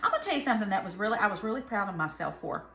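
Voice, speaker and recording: A woman with a Southern accent from America cooks in her home kitchen for a casual vlog, talking to viewers and going off on folksy asides. Her mid-range voice has lively intonation, some vocal fry, and a slightly bright quality, and she races along in an echoey room.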